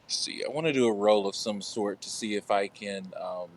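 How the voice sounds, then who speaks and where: A man's voice: on the low side, moderate pace, a little hiss or hum. A man playing a tabletop game, thinking aloud hesitantly as he decides his move. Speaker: player. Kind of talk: casual tabletop play.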